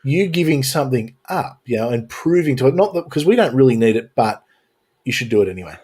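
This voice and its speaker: A man's voice: mid-range voice, expressive, fairly quick, darkish tone, slightly rough. A man hosting a casual panel chat on a live stream, joking and sarcastic, with mock-serious bits, talking into a home mic on a video call.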